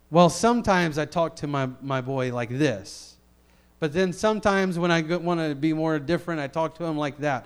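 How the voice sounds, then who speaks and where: A middle-aged man preaching a sermon in a conversational, animated way, swinging between loud declarations and quiet asides. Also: fairly high pitch, normal speed, smooth.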